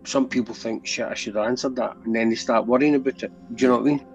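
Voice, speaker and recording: Speaking quickly in a steady, slightly mellow, medium-pitched voice, this middle-aged Scottish podcast guest earnestly recounts his story. He chats casually, forever checking whether you know what he means. The recording is dull and lo-fi, with faint music underneath his candid storytelling.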